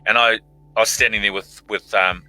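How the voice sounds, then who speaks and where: A middle-aged man with a very bright, forceful voice sits slightly low in pitch. He spins casual anecdotes as an interview guest over a video call. He acts out other people's lines with lively jumps in voice. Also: brisk, soft background music, rough recording. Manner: animated, acts out quoted lines in big voices. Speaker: actor guest.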